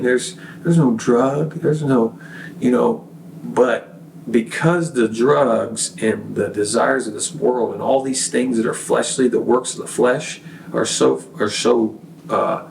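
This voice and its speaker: A man's voice: mid-range voice, gravelly, reverberant, far from the mic, slight background noise, poor audio. A man, a podcast guest, giving an earnest, preachy faith testimony full of fillers and restarts. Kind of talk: casual testimony.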